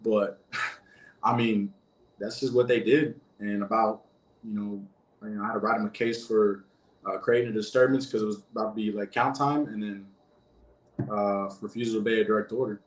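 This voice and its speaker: A man's voice: on the low side, steady tone, normal speed, echoey room. A man, a former prison guard, telling a story in a loose, rambling way as an interview guest, with many restarts and fillers. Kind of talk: casual first-person storytelling.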